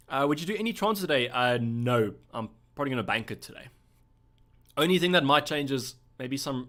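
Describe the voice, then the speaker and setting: A young man from South Africa hosts a casual live stream at a mid pitch. He answers viewer questions in a relaxed, thinking-aloud way. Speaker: livestream host.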